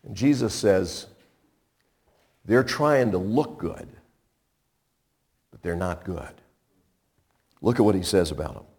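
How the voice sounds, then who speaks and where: Older man, pastor, radio sermon, lively swooping pitch, lowish voice, emphatic. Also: slow, pauses often. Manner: emphatic, rhetorical questions, playful asides.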